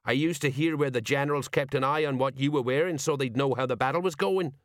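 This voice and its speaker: A man voicing a nervous, rambling middle-aged sergeant who talks in a folksy, drawn-out way. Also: mid-range voice, dry recording, studio quality, voice pushed up, natural voice.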